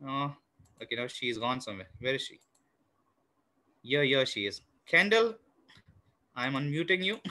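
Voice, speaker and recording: A man teaching a live online math class to young children, encouraging and patient, counting parts aloud and filling pauses with "you know", speaking into a computer mic on a video call. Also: mid-range voice, lively intonation, pushed and bright.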